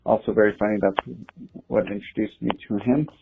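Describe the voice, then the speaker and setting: A man's voice: fairly low pitch, fairly even intonation, a little fast, vocal fry, noisy background. Man on a tinny phone message. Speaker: listener leaving a message. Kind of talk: recorded voice message. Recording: tinny phone line with faint music.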